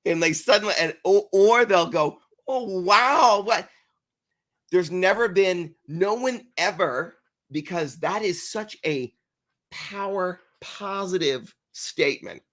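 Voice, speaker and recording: A man's voice: sits high, a little slow. A man co-hosting a business podcast, telling anecdotes in casual chat and acting out the voices of the people in them. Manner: animated, acts out voices in anecdotes. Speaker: podcast co-host.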